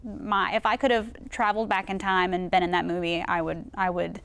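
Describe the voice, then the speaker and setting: A woman's voice: lowish voice, flat delivery, fairly quick, vocal fry, fairly bright tone. Upbeat young woman actress. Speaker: actress and guest. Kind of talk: casual interview.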